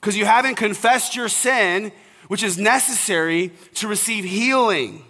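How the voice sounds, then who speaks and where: A man's voice: high-pitched, measured pace, bright, forceful tone. A young man preaching an earnest, conversational sermon to fathers as pastor. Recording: reverberant hall.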